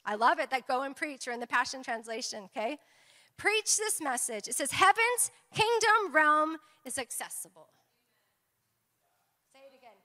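A high-pitched woman preaches to her congregation with animated energy. She keeps checking in with quick calls of "amen?" and "okay?". Her voice rings with the long reverb of a church sanctuary. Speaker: pastor. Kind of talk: sermon.

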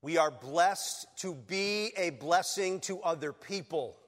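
Man, pastor, sermon, earnest, emphatic peaks, highish voice, echoing church. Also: slow. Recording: long reverb of a church hall.

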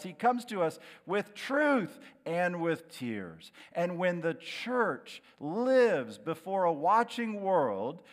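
A middle-aged man preaching a sermon as a pastor, dramatic, dropping to a hushed, slow voice on key words. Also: high-pitched. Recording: long hall reverb.

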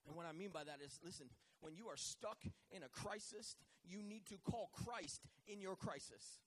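A man's voice: high-pitched, moderate pace, hardly any pauses, a bit bright, slight background noise. A male pastor preaching a sermon, joking and teasing himself and asking the church to answer back. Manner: jokey, self-teasing, calls for responses.

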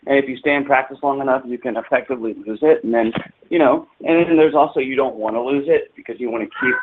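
A man's voice: medium pitch, fast talker. A middle-aged man co-hosting a podcast, talking in a rambling casual way with lots of fillers and restarts. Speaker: podcast co-host. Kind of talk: casual chat. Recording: tinny phone line with faint noise.

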